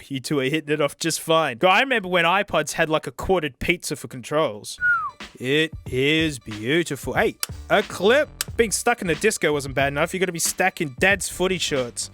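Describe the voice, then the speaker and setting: Excitable man, bright high voice. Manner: excitable, mock-outraged, laughs often. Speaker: tech YouTuber. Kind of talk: casual comedic product review. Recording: faint music behind.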